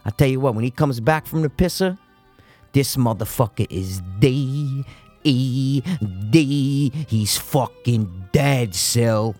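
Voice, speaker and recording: A man voicing a burly middle-aged New mob boss, talking in a halting, gruff, stammering way. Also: medium pitch, expressive, darkish tone, soft background music. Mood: menacing.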